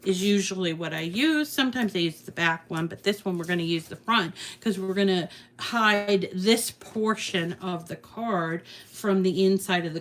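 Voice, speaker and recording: Slow-talking chatty craft tutorial woman. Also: mid-range voice. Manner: chatty, rambling, self-deprecating. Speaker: craft channel host. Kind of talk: casual crafting tutorial with live chat.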